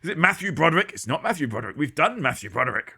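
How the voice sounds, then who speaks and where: A man hosting a live-stream guessing game, reading out viewers' guesses one by one with dry, deadpan jokes. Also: on the high side, very fast, vocal fry, slightly rough. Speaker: livestream quiz host.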